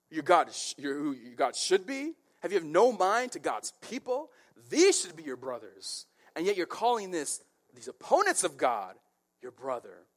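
Animated man teaching a Bible passage. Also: on the high side. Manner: animated, dramatizes the story in voices. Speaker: preacher.

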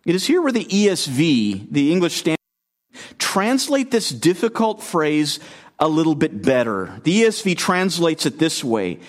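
Guy preaching a sermon, lively up and down voice, kinda high, earnest and keeps repeating himself. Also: moderate pace. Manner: earnest, emphatic, repeats phrases, questions the audience. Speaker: guest preacher. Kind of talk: expository sermon.

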